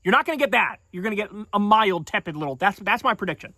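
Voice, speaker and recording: A man's voice: high-pitched, expressive, quick pace, sharp tone, no echo. A man giving heated, sarcastic and profane political commentary in a video.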